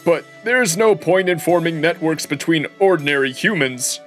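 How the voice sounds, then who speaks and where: A man voicing a friendly, talkative old village man from game dialogue, in a drawn-out, folksy way. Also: a little high, expressive, a bit bright, faint music behind. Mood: chatty. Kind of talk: game dialogue read aloud by a streamer.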